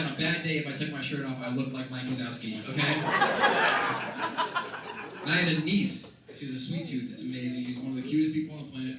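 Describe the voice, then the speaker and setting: Young male comic in an echoey club. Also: medium pitch. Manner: wry storytelling with bursts of loud exasperation. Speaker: stand-up comedian. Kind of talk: stand-up set. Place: comedy club stage. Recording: echoey club recording from a distance, loud noise. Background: audience laughter.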